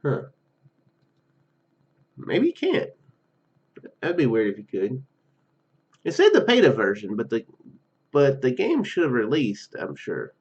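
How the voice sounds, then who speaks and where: A man with a slightly froggy, hoarse throat, casually reading and chatting through a text adventure game, rambling with many fillers and restarts. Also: medium pitch, huge pitch swings, a little slow, long pauses, a little mellow, lo-fi sound. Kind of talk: casual let's-play commentary and reading.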